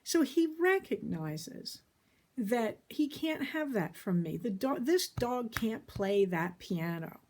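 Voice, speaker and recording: A middle-aged woman therapist talks through a point in a casual, folksy way. Her voice sits a little high and swings widely in pitch. She is emphatic and laughs easily. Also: sing-song, slow, a little mellow. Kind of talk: casual talk about therapy.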